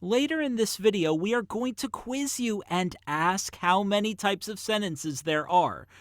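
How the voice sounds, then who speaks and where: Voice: medium pitch, animated, unhurried, dry recording, clean studio sound. A narrator of a children's educational video, reading a scripted lesson in an enthusiastic, encouraging way that speaks straight to young viewers.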